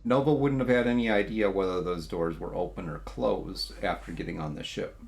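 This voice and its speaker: A man's voice: low-pitched, creaky. Man running a tabletop horror game. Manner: brisk, counts down time. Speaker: game master.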